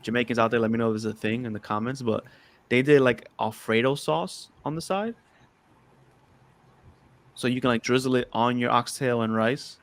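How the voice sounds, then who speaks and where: A young man hosts a podcast in loose casual chat. He is animated and throws "bro" and "yo" into his talk. His voice sits at a middle pitch for a man. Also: moderate pace, long pauses. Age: young adult. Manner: animated, says "bro" and "yo" a lot. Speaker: podcast host.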